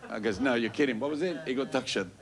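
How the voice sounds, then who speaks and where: A man tells a story at a temple Sunday program, animated and full of "you know", quoting others back and forth. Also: medium pitch, quick pace. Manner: animated, quotes others in dialogue, frequent "you know" and "I goes". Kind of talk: casual storytelling announcement. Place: temple hall.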